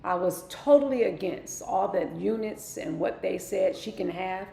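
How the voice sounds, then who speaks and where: A woman's voice: mid-range voice, normal speed, vocal fry, mellow. A middle-aged woman hosting a wellness livestream, speaking emphatically and talking straight to her live viewers. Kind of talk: live-stream motivational talk. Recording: echoey room, faint ambient noise.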